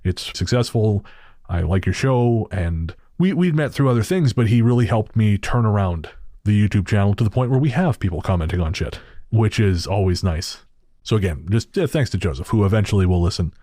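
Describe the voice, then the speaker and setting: A man with a low voice that swings up and down a lot, co-hosting a podcast and ranting with plenty of swearing. The sound is dry and close, with no room around it. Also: expressive, brisk, warm tone, dry recording. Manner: profane, ranting. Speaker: podcast co-host. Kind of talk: casual chat.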